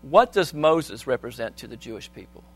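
A man preaching a sermon, reading scripture aloud and asking the congregation questions, swinging between soft and loud. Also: medium pitch, big pitch swings, normal speed, slight background noise.

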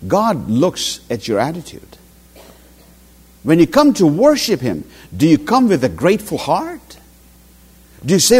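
A man's voice: on the high side, measured pace, long pauses, slightly rough. A middle-aged man preaching a sermon, telling stories and acting out quotes. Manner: animated storytelling with acted quotes.

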